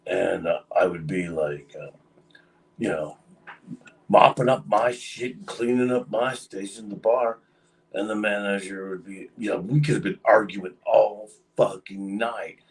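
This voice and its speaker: A man's voice: fairly low pitch, measured pace, distant mic, low-quality recording. A man casually telling a long story on a livestream, rambling with lots of fillers. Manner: rambling, many fillers, acts out quoted voices.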